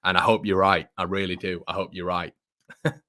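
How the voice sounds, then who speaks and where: A man's voice: low voice, flat delivery, normal speed, pushed and bright, dry recording, clean studio sound. Chatty young man. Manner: chatty, frequent restarts and fillers, says mate a lot. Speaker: fan channel host reading live chat. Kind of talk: casual live-stream chat.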